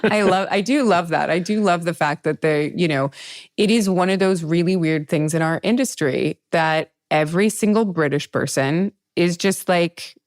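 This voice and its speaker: A woman from the Pacific Northwest hosting a casual chat, animated and swearing freely. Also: lowish voice, moderate pace, no room sound, clean studio sound. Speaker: podcast host.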